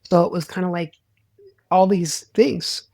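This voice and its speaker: A man's voice: high voice, fairly even intonation, a little slow, vocal fry, a little mellow, no room sound. A man, a sports psychologist, talking as a guest in a casual interview, rambling with restarts and acting out quoted dialogue.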